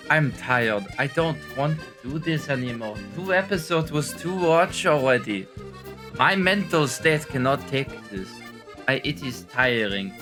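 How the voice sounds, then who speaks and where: A young man doing comedic reaction commentary as a streamer in a put-on French accent that slips toward American, sounding tired and exaggerated, with stammering restarts and crude asides. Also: on the high side. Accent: put-on French accent, slipping toward American.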